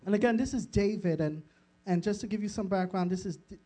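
High-voiced laughing pastor telling a story. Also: male voice, brisk, warm tone. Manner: storytelling, laughing often, acting out dialogue. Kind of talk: sermon.

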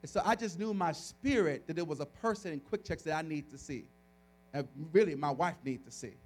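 Man, pastor, high voice, sermon, animated storytelling, restarts and laughs. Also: a little fast.

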